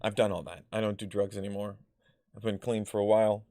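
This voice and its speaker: A man's voice: fairly low pitch, little pitch movement, fast talker, warm tone, no room sound, clean studio sound. A man vlogging personal stories in a casual, rambling way, full of fillers, restarts and blunt swearing. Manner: rambling, filler-heavy, loses his thread.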